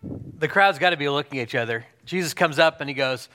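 A preacher telling a Bible story with animated storytelling and reading scripture aloud. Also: male voice, a little high, brisk, a little hiss or hum. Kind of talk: sermon.

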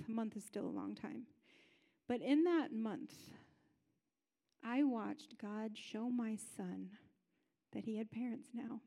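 A woman's voice: on the high side, dark tone, long reverb tail. A woman telling a personal story in a sermon, in a conversational way, acting out what other people said. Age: adult parent.

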